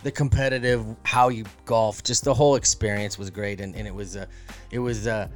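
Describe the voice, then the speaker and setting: A man's voice: fairly low pitch, fairly even intonation, brisk, faint music behind. Laid-back man, lots of fillers. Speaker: podcast co-host. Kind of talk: casual chat.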